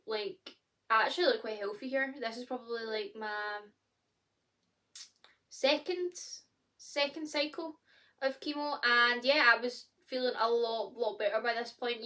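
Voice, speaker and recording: Scottish woman in her twenties, casual vlogger chat, bright and slightly high voice. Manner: chatty, many fillers, candid and expressive.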